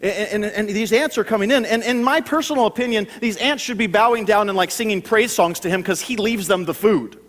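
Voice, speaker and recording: A man in his thirties delivers a sermon as a storyteller, often stumbling over his first words before pressing on. His voice sits high for a man. The sound carries a long reverb, as if captured on a convention stage in a large auditorium. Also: fairly quick, hardly any pauses, a bit bright. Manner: storytelling with frequent stammered restarts. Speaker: preacher.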